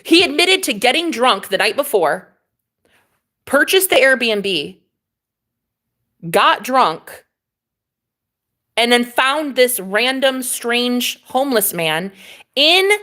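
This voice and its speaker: A young woman with a slightly high voice tells a story on her vlog. She talks in an animated way, full of slang and swearing. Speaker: vlogger.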